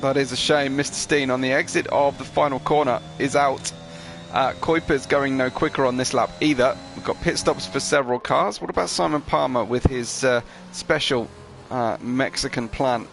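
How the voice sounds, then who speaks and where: A man's voice: mid-range voice, moderate pace, creaky, over music. A man commentating an online racing qualifying session, chatty, reading out viewer messages with frequent fillers. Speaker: race commentator.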